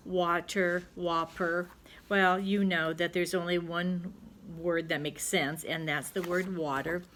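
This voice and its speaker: A middle-aged woman teaching a recorded spelling lesson to second graders, chatting slowly and gently with many pauses and fillers. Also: lowish voice, slight background noise.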